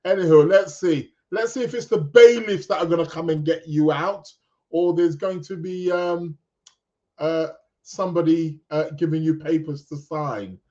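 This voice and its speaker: A man's voice: on the high side, moderate pace, dark tone, highs cut off. A man hosting an astrology podcast in casual chat, rambling with many fillers and chuckles. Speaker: podcast host.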